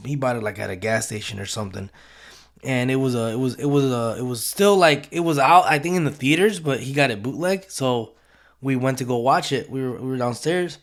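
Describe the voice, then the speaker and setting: A man's voice: mid-range voice, fairly bright tone. A young man telling a rambling, profane story in a casual way, slipping into Spanish phrases.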